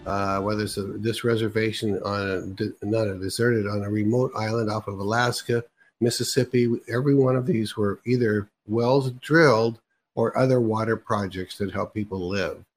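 A man hosting an interview in a chatty way, quick to laugh. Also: on the low side, fairly even intonation. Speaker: host. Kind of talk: casual interview chat.

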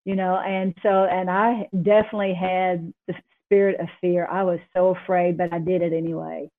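A woman guest sharing a personal faith testimony, telling it in a quick, emphatic, animated way with some laughs. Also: on the low side. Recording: tinny phone line.

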